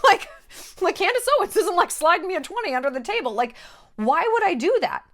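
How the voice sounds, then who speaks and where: A woman hosts her own vlog, speaking straight to camera in an extremely high, very animated voice that's fairly quick and a bit bright. Her monologue is blunt and emphatic, she swears freely, and she hammers points home with short repeated phrases.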